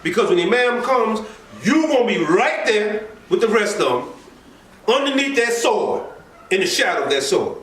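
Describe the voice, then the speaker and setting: Animated man preaching in an echoey hall. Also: high voice, moderate pace. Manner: animated, conversational preaching with asides and laughter. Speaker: religious teacher. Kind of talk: informal sermon class. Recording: echoey room from far off mic.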